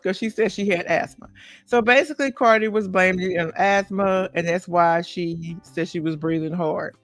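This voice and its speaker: A woman's voice: fairly low pitch, gravelly, no echo. Chatty woman hosting a gossip podcast. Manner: chatty, talks straight to viewers, many asides and "okay?" tags. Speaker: podcast host. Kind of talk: casual celebrity gossip chat.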